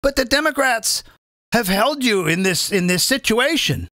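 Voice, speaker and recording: Brief: comedian host in his fifties, lively swinging pitch, bright tone, rambling live rant. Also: moderate pace, dry recording, studio quality. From British American. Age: 50s. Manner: rambling, repeats phrases, stumbles and restarts.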